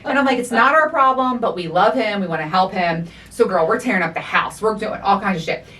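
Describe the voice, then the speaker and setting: A middle-aged woman hosting a podcast, telling a story in animated, profane casual chat and acting out the quotes. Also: mid-range voice, fairly quick, far from the mic. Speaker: podcast host.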